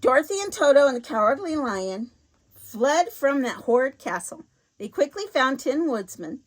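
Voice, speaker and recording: A woman reading a children's storybook aloud in a clear, expressive way. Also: high voice, moderate pace.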